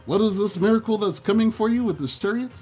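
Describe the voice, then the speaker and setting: A man with a slightly raised voice reads tarot cards in a casual, playful manner. He teases the listener and throws in jokey asides and quick mocking voices. Faint music plays underneath. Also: sits high, a little mellow. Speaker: tarot reader.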